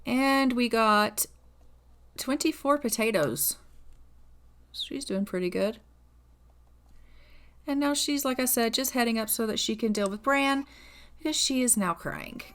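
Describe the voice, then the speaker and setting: A woman's voice: a little high, unhurried, pauses often, fairly bright tone. A woman giving casual gameplay commentary in a chatty way, narrating the story and voicing the characters as she plays. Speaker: gameplay video creator.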